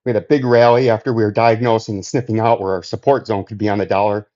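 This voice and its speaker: A man giving casual, profane market commentary over charts, out of breath and rambling with drawn-out emphasis. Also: fairly low pitch, level tone, dark tone, dull audio.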